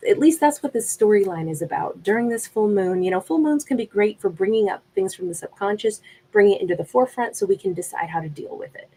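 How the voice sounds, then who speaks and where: A woman giving a gentle, reflective tarot reading in a conversational way. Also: medium pitch, breathy edge, low-quality recording. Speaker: tarot reader.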